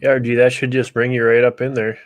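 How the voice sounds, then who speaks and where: A man's voice: medium pitch, level tone, fairly quick. An easygoing man hosts a casual livestream from a rural homestead. He chats with viewers and patiently explains how to join. His voice is close and dry, with no room echo. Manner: easygoing, talks viewers through joining the stream.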